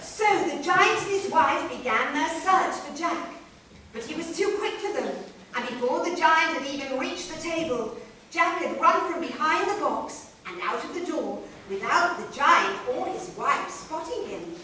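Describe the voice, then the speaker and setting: A woman telling a children's story aloud to a live audience, playful and expressive. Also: sits high, unhurried, distant mic, slight background noise. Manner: expressive, playful sound effects. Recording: echoey room, recorded from afar.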